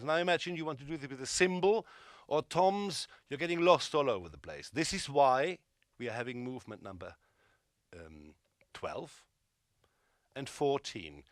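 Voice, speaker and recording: An emphatic male drum teacher who counts beats and calls right and left hands aloud, with blunt asides. His voice sits a little high and swings widely in pitch. The sound is dry and close, with no room echo. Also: a bit bright. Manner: opinionated, dismissive asides. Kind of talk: instructional drum lesson.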